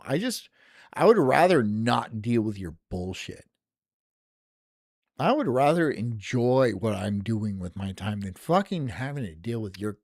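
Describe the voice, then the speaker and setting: A streamer rants through a casual live-stream reaction, swearing freely and breaking into laughs. The pitch swings widely from remark to remark, and the sound is close and dry with no room around it. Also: darkish tone, no room sound. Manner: profane, ranting and venting with frequent swearing; laughs often between remarks.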